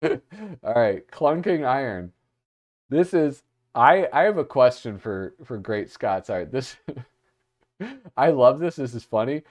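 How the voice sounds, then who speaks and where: A man's voice: medium pitch, expressive, takes it slowly, long pauses, a little mellow. A man hosting a livestream, chatting casually as he flips through art. He gets distracted easily and reads out chat comments. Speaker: livestream host.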